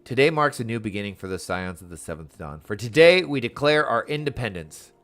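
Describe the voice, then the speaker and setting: Man reading solemn young woman leader, formal, earnest, lively pitch. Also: fairly quick. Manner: reads game dialogue aloud in a formal, earnest tone. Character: solemn young woman leading a sworn order. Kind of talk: reading game text aloud.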